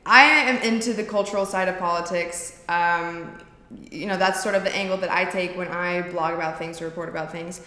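A woman's voice: fairly low pitch, steady tone, fairly quick, bright, forceful tone, reverberant, big-room sound. A woman blogger who is a guest on a talk show, talking in a breezy, confident, casual way.

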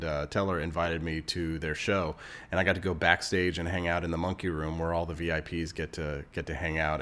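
A man in his thirties from Missouri, hosting a casual podcast and telling stories in a rambling, chatty way with many fillers and restarts. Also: low-pitched. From Missouri, United States. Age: 30s. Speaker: podcast host.

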